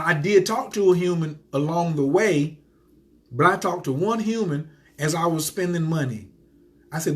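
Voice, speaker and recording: Man, livestream host, motivational talk, animated storyteller, acts out quotes, fairly high voice. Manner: greets viewers by name mid-story. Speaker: entrepreneur hosting a livestream.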